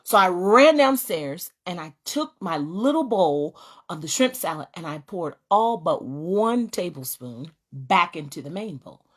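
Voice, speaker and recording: A woman hosting a faith-based talk, telling a personal story in an animated way and often laughing as she speaks. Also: fairly low pitch, unhurried. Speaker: host.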